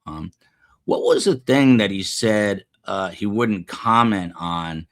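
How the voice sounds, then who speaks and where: Male livestream host, rambling, low voice, casual live commentary. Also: slow. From United States. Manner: rambling, chatting with viewers. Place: upper floor of a building.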